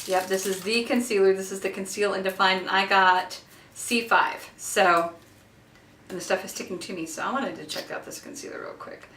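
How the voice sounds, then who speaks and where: A woman in her thirties who has children, excitedly unboxing makeup in a casual vlog recorded in her bathroom, gushing with lots of fillers. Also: medium pitch, normal speed, slight background noise. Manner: giddy and gushing, with many fillers. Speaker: beauty vlogger. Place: home bathroom. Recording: echoey bathroom, mic a bit far off.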